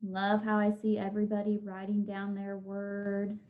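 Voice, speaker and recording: Over a video call with dull lo-fi audio, a woman teacher runs an online spelling lesson, dictating words slowly and drawn out. Her medium-pitched voice is monotone, though she stays patient and encouraging with the class.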